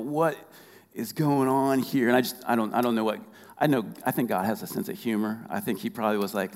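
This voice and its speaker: A man preaching a sermon, conversational and humorous, reading scripture aloud slowly. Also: medium pitch, darkish tone, in a large hall. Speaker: pastor.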